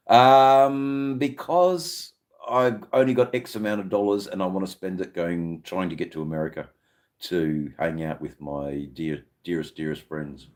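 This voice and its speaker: A very deep-voiced Australian man hosts a casual live stream. He rambles with viewers in loose banter and swears freely. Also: steady tone, a little slow, a little mellow. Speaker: livestream host.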